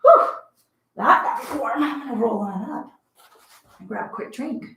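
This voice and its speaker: A woman leading a mat pilates class at home, giving chatty, encouraging cues between breathy exertion sounds. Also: high-pitched, big pitch swings, takes it slowly, fairly bright tone. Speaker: pilates instructor. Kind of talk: guided workout instruction. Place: home room, dogs heard about. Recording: roomy echo.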